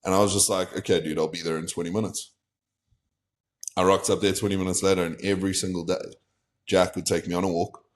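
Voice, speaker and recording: A fast-talking young South African with a deep voice and flat delivery guests on a podcast. He candidly tells a casual story, acting out the lines people said to him.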